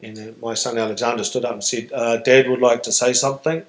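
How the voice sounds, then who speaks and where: New zealand man, earnest storyteller, halting with pauses, middle pitch, roomy hall sound. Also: steady tone. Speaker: guest speaker. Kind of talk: reflective public storytelling Q&A. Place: stage in a hall.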